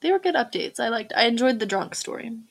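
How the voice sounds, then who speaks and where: A woman's voice: on the high side, expressive, fast, gravelly. A young adult woman co-hosting a podcast in casual chat, giggly and full of fillers. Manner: giggly, chatty, filler-heavy. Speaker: podcast co-host.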